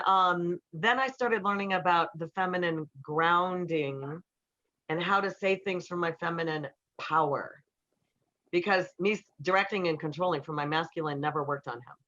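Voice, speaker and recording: A middle-aged woman speaking to an audience as a relationship counselor, telling lively stories and acting out what people said. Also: lowish voice. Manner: animated storyteller who acts out quotes. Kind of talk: storytelling talk to an audience. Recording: slightly dull, muffled recording.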